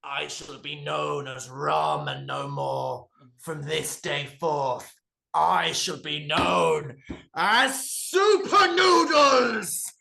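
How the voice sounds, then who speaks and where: A man voicing a melodramatic ramen packet that becomes a superhero, making grandiose, booming declarations. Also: sing-song, very slow, vocal fry, bright, forceful tone, reverberant, exaggerated voice.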